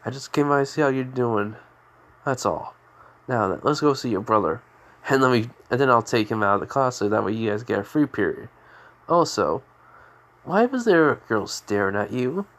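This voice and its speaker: A man voicing a proud, fatherly middle-aged priest in a louder, hearty tone while retelling a story. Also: medium pitch, lively intonation, moderate pace.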